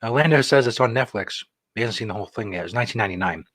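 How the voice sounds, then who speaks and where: A man's voice: lowish voice, rapid-fire, fairly bright tone, no room sound. A middle-aged man co-hosting a casual chat show, wry and self-mocking as he reads out viewer comments. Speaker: co-host.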